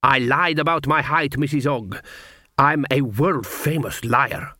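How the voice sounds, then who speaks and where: Man doing boastful dwarf rogue, slow, sly, dry close sound. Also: mid-range voice, pushed and bright, no echo. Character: boastful, roguish male dwarf lover.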